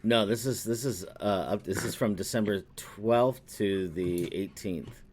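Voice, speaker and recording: Male co-host, low-pitched, casual and profane, animated then mumbling. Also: unhurried. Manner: profane, rambling and animated, with sudden drops to a mutter. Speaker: podcast co-host. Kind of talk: casual chat, recapping a movie.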